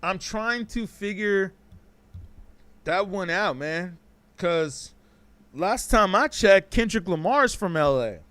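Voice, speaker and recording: A man's voice: high-pitched, expressive, slow pace, long pauses, fairly bright tone, slight background noise. A man hosting a casual live-stream talk show, reading chat comments aloud, loose and joking, with slang and lots of repeats.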